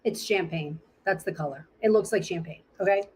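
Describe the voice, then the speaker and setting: A woman's voice: lowish voice, fairly quick, darkish tone, breathy edge. A woman giving a casual live makeup tutorial, chatting and thinking aloud as she hunts for her products. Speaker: makeup presenter.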